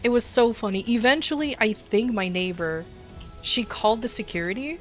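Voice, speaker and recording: A woman streamer chatting casually and telling a story, blunt and profane, laughing often and acting out shouted lines. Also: on the high side, normal speed, soft background music. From desert region. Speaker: VTuber streamer.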